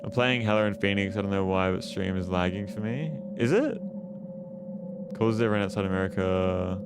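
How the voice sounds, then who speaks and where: A young man with an Australian accent, chatting loosely at a low pitch while he streams. Clear game music plays behind his rambling, profanity-laced talk with chat, picked up by a desk mic at home. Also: normal speed. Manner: relaxed, rambling, swears a lot, reads chat aloud. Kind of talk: casual live-stream chat.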